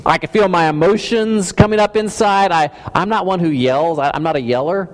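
A man's voice: high voice, a little fast, hardly any pauses. A man preaching a sermon in a conversational, self-deprecating way, with frequent restarts and stammers. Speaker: pastor. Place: church hall. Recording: reverberant hall.

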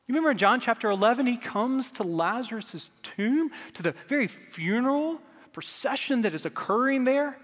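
An earnest male pastor preaching with a fairly high voice. He swings from loud emphasis to hushed, soft passages, and his words ring out with the long reverb of a big hall. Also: expressive, moderate pace. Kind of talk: sermon.

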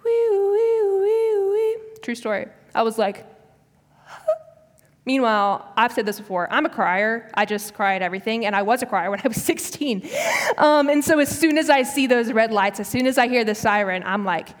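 A woman's voice: on the high side, moderate pace. A woman in her early twenties giving a sermon, telling a personal story in a chatty way with casual fillers. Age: early 20s. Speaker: speaker. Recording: long hall reverb.

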